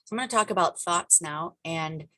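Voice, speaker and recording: A woman hosting a group video call, giving an energetic, emphatic motivational coaching talk full of chatty asides. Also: lowish voice, normal speed, no echo.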